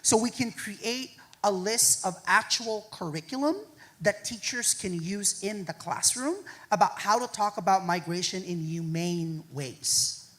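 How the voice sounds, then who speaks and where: A man speaking at a university lecture hall, answering audience questions in a lively, joking way and often tagging his points with "right?". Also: high voice, measured pace. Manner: animated, joking, keeps adding "right?". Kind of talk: public talk Q&A.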